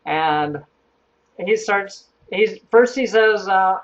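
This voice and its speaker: A man's voice: sits high, drawn-out words, highs cut off. Wry, chuckling male storyteller. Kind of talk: casual spoken storytelling.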